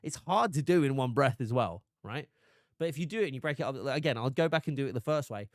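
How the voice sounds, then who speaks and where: A man's voice: mid-range voice, quick pace, no room sound, clean studio sound. A man streaming live, chatting casually and animatedly, often restarting and laughing.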